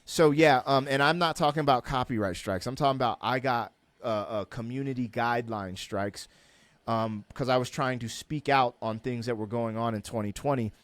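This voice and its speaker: A middle-aged man talking candidly as a guest in a conversation, emphatic and animated, climbing to fervent peaks as he rants. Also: medium pitch, moderate pace, dry recording. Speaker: podcast guest.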